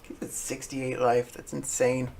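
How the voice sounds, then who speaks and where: A man streaming a card game, talking casually to himself as he plays, halting often with fillers and self-corrections. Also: mid-range voice, monotone, creaky, a little mellow, slight background noise. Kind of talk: casual thinking-aloud commentary.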